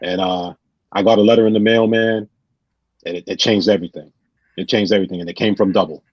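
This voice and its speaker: This New England man, a guest on a podcast, spins casual stories and performs his friends' quotes with lively energy. He speaks fast in a fairly low, slightly rough voice, captured dry and lo-fi with a dull quality.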